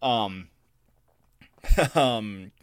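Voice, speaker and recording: A man co-hosting a podcast in casual chat, loud, profane and teasing, laughing a lot. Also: fairly low pitch, expressive, extremely slow, no room sound, studio quality. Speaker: podcast co-host.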